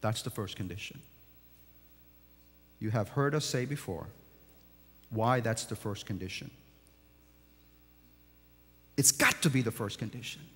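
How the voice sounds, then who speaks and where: A man, a pastor, delivering a sermon that swings from hushed, quiet passages to emphatic, rising declarations. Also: lowish voice, unhurried, pauses often, slightly rough. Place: large church sanctuary. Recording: long church reverb.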